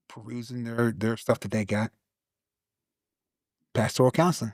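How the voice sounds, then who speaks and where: A man telling a personal faith testimony in a casual conversation, animated, repeating words, and acting out his own past lines. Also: mid-range voice, normal speed, pauses often, breathy edge, no echo, studio quality. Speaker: guest, Army veteran.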